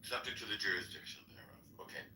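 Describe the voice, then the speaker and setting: Hesitant low-voiced man. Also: fast, sharp tone. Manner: hesitant, restarts and repeats words. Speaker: guest debater. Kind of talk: live-stream debate. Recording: echoey distant audio with faint noise.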